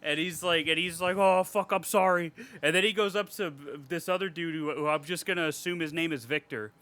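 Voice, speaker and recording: A man's voice: a little high, brisk, bright, forceful tone. A man co-hosting a podcast, chatting casually about a horror movie in a rambling, profane way with frequent laughter. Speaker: podcast co-host.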